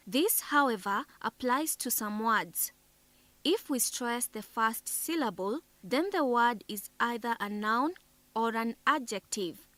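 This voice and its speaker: Slow, bright-voiced woman teaching. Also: fairly high pitch, no room sound. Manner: deliberate, spells out syllables carefully. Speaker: teacher narrator. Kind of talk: scripted lesson narration.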